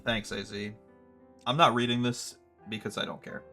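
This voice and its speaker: Male streamer, sarcastic gameplay commentary, loud laughing reactions, faint game music underneath. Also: on the low side, flat delivery, moderate pace. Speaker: gaming streamer.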